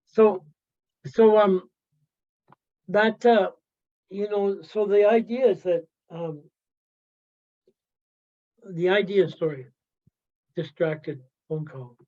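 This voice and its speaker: A man from the Yukon telling personal stories in a halting way, often asking "right?" and adding "you know" as he goes. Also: high voice. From Yukon, Canada. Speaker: workshop storyteller. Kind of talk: personal storytelling talk. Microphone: video call. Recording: slightly dull video-call audio.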